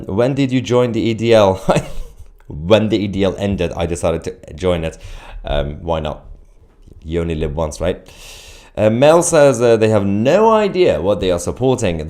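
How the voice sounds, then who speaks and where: Deep-voiced man hosting a live stream. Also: a little mellow. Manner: chatty with many fillers and restarts, laughing often. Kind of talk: casual live stream commentary reading viewer chats.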